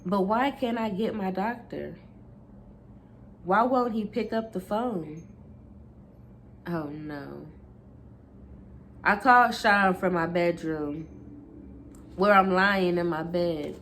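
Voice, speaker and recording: A woman reading a first-person memoir aloud for her book channel, steady and unhurried. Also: lowish voice, a little hiss or hum. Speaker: booktuber.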